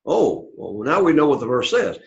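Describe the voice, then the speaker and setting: A man's voice: medium pitch, very animated, normal speed, gravelly, muffled recording. A man teaching a Greek class, patiently walking students through translations and often checking in with "okay?" and "all right?". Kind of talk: classroom lecture.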